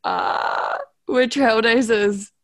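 A woman's voice: on the high side, wildly swooping pitch, extremely slow. A young woman with a New Zealand accent, a podcast guest chatting casually, laughing often and trailing off as she searches for words. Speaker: podcast guest, long-distance hiker. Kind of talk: casual interview chat.

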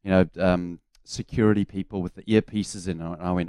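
A man with a New Zealand accent, a former cricketer on a radio show, telling relaxed anecdotes with fillers. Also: deep voice, a little fast, few pauses, smooth, no echo. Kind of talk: casual radio chat.

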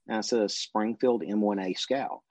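A man telling a long casual story as an interview guest, in a relaxed anecdotal way, briefly mimicking the people he quotes. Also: on the low side, normal speed, no echo. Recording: dull lo-fi recording.

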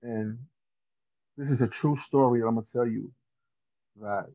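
A man's voice: mid-range voice, moderate pace, no room sound. A man telling a funny story in casual slang, laughing at his own tale. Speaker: podcast guest. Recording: dry tinny phone-like sound.

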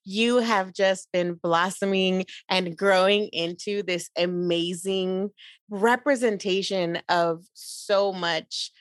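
A woman's voice: mid-range voice, steady tone, slow pace, clear, resonant tone, no room sound, clean studio sound. A woman from Los Angeles, a podcast guest, bubbly and effusive, switching between English and Spanish. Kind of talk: casual interview chat.

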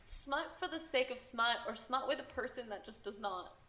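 Young woman, podcast host, bright voice, echoey room, sarcastic and giggly. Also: a little high, animated, normal speed. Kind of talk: casual chat, reading a book review aloud.

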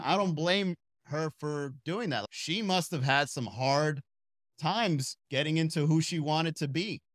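A young man with a fairly high, slightly bright voice delivers a comedic podcast monologue, rambling through stories full of digressions and asides. He's a stand-up comedian and podcast host, recorded in clean, echo-free studio sound.

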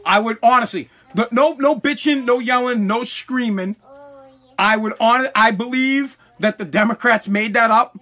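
A man hosting a solo podcast who rants in an excitable, exaggerated and profane way. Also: extremely high pitch, normal speed. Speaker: podcast host. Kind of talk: comedic solo podcast rant.

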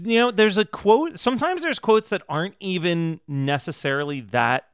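Smooth-voiced man, dry close sound. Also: sits high, lively intonation, moderate pace, no room sound. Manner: thoughtful, hedging, laughs along, quotes lines in a raised voice. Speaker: podcast co-host. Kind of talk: casual film chat.

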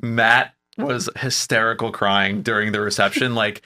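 Low, bright-voiced joking man. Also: steady tone, unhurried. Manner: rambling, joking, self-deprecating. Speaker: podcast co-host. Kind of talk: casual chat.

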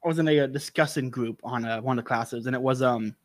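A man's voice: mid-range voice, fast talker, dry recording. Hesitant young man, stammering chat. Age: 20s. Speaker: podcast guest. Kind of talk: casual chat.

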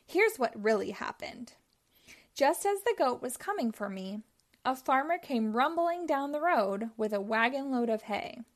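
A woman reading a children's picture book aloud with expressive storytelling. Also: sits high, unhurried.

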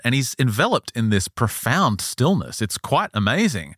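A man's voice: mid-range voice, moderate pace, hardly any pauses, no room sound, studio quality. A man hosting a podcast, casually retelling a story and voicing the people in it. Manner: relaxed, retells a story with quoted voices. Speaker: podcast host. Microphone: studio mic.

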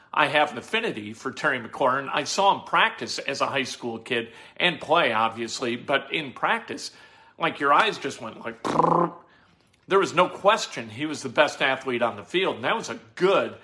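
A man's voice: fairly high pitch, sharp tone. A man hosting sports talk, giving opinionated, rambling commentary full of rhetorical questions and restarts. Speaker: sports radio host. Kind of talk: casual sports commentary monologue.

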